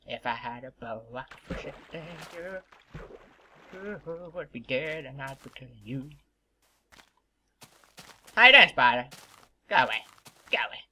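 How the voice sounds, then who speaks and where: A young man giving casual, excitable gameplay commentary as a gaming video host, swearing and shouting at the game's monsters. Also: medium pitch, slight background noise. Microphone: desk microphone.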